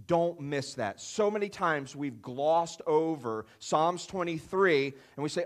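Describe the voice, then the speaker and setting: A man's voice: fairly high pitch, expressive, measured pace, few pauses. A man preaching a sermon in a conversational way, often saying "you know" and leaning hard on key phrases. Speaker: pastor.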